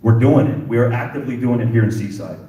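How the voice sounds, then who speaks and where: A man's voice: mid-range voice, fast, mellow, lo-fi sound, a little hiss or hum. A middle-aged man, a police chief, giving a passionate speech at a community symposium, repeating phrases for emphasis. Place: event hall indoors. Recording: echoey room with distant mic.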